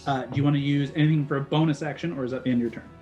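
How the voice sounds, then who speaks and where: Male game master, dramatic narration mixed with rules calls, soft music bed. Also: a little high, fairly even intonation, muffled recording. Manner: slow dramatic narration broken by rules talk. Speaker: dungeon master.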